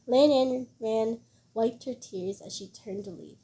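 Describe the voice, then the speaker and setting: A woman reading a web novel aloud in a steady storytelling voice, with a few small restarts. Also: on the high side, a little slow. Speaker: audiobook reader.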